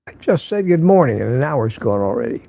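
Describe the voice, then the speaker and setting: A man's voice: medium pitch, big pitch swings, brisk, creaky, dark tone, dry recording. An older man from Central Florida hosting a casual morning livestream, rambling and reading out viewer comments. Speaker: livestream host.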